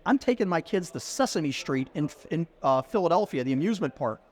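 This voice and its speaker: A man's voice: a little high, brisk. A middle-aged man, a podcast guest, telling a casual anecdote and acting out the dialogue as he goes. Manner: lively storyteller who acts out quoted dialogue. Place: conference venue.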